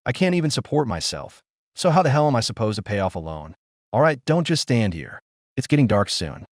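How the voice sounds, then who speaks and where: A man narrating a first-person story in an expressive, emotional reading. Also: mid-range voice, fairly quick, no room sound, studio quality.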